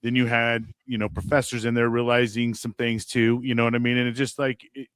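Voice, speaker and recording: A man's voice: mid-range voice, flat delivery, a little fast, a bit bright, smooth, dry recording, studio quality. A man from the Los Angeles area co-hosting a podcast, reflecting in a casual, conversational way and checking in with his listener. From Los Angeles County. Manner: reflective, conversational, leans on "you know what I mean". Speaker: podcast co-host. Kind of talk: casual chat.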